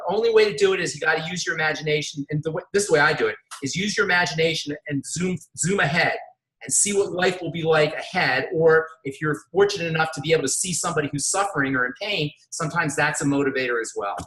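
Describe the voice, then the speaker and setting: A quick-talking man with a fairly high, bright, tense voice, guesting as a pharmacist. He tells jokes with a lively storyteller's flair, and his voice rings in a roomy, echoing space. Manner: joke-telling, lively storyteller. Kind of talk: casual interview chat.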